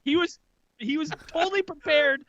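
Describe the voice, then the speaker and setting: Brief: high-pitched, bright-voiced Canadian man, casual swearing co-host, dry lo-fi mic. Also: moderate pace, dry recording. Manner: swearing, animated storyteller. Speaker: podcast co-host. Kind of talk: casual storytelling chat. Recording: dull dry lo-fi sound.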